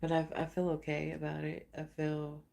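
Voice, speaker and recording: A woman hosting a casual vlog-style podcast, telling a rambling, animated story with repeated questions. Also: deep voice, normal speed, gravelly. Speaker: podcast host.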